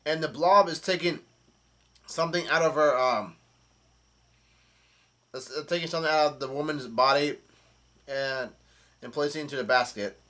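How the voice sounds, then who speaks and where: A man casually recapping a comic chapter, reading quoted lines aloud in a halting, hesitant way. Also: on the high side, sharp tone. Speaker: manga chapter reviewer.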